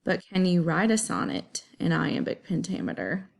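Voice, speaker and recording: A woman teaching a lesson, explaining step by step and counting out syllables deliberately. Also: on the low side, very animated, creaky. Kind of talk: classroom explanation.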